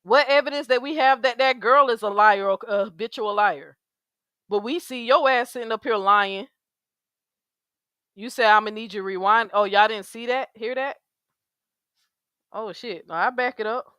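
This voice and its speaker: Profane, outraged woman streamer, bright voice. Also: a little high, moderate pace, pauses often, smooth, no echo, clean studio sound. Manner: blunt, profane, emphatic, heavy slang. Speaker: commentary streamer. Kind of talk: outraged livestream commentary.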